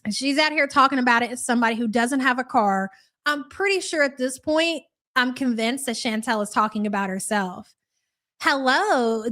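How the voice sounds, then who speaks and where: A woman's voice: on the high side, fairly bright tone. A woman hosting a live reaction stream, commenting sarcastically and reading out viewer messages. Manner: sarcastic, reads out chat messages. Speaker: host.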